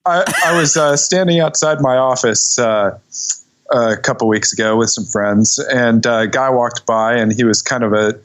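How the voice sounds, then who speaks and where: A man's voice: medium pitch, moderate pace, fairly bright tone, poor audio. A man on a podcast as a guest, telling a self-deprecating story in casual chat.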